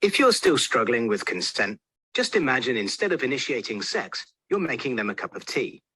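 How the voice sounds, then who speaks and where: Lively, bright-voiced man narrating wryly. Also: medium pitch, moderate pace, slightly rough. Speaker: video narrator. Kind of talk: scripted explainer narration.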